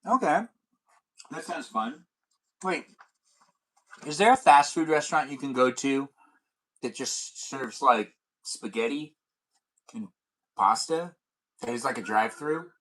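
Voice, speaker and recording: A man's voice: mid-range voice, animated, unhurried, pauses often, a bit bright, low-quality recording. A man hosting a casual livestream chat, rambling and thinking aloud with fillers and restarts. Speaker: livestream host.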